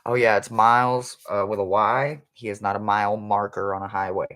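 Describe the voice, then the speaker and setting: A psychic reader giving a casual, rambling live reading for viewers, chatty and quick to laugh, with informal slang. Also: sits low, little pitch movement, a bit bright.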